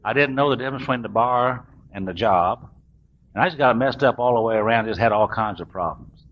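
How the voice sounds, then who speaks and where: At a meeting, a middle-aged man from the American South recounts his road to sobriety with folksy, self-mocking humor, his mid-range voice moving at a fairly quick pace. The dull lo-fi recording has a faint hiss in the background.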